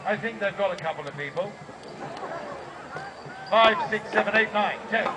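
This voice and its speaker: A high-pitched Australian man at a moderate pace jokes and puns over the PA at an outdoor festival, getting the crowd going. Loud outdoor noise and cheering surround his comic commentary.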